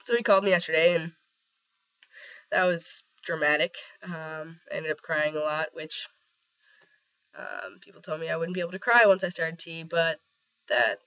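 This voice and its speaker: A young man with a voice roughened by a cold, rambling casually with lots of fillers in a personal video diary. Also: a little high, steady tone, moderate pace, long pauses, sharp tone. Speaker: vlogger. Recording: slightly dull lo-fi sound.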